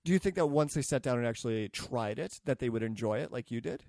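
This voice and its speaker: A man's voice: medium pitch, expressive, fast talker, creaky, a little mellow, no room sound, studio quality. A middle-aged father on a casual podcast chat, laughing easily and encouraging his daughter. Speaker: podcast guest.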